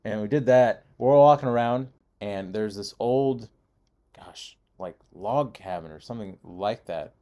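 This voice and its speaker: A man's voice: lowish voice, measured pace. A man co-hosting a podcast, telling a long rambling story in casual chat and acting out the people in it. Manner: rambling storyteller, animated impressions. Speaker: podcast co-host.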